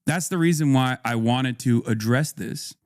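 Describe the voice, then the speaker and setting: A man's voice: medium pitch, normal speed, clear, resonant tone, no echo, studio quality. A man streaming live and talking casually to his chat, profane and conversational, reading viewer comments aloud and arguing back. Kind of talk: casual livestream talk to chat.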